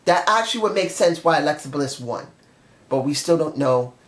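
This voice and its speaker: A man's voice: on the high side, expressive, normal speed, fairly bright tone. A man giving an emotional, passionate review in a casual monologue straight to his viewers. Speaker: wrestling show reviewer. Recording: echoey room.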